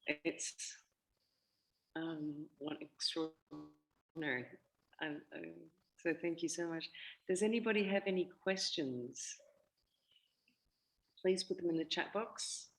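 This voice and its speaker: A woman's voice: low-pitched, slow, long pauses, rough recording. A woman hosting an online session over a video call, speaking with hesitation and many fillers as she thanks the speaker. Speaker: session host.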